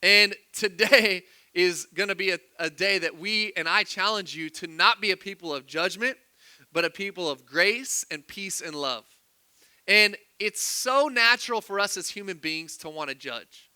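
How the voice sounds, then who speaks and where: A man's voice: high voice, normal speed, sharp tone, smooth, dry recording. A young man preaching a sermon, chatty and quizzing his congregation with questions. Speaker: pastor.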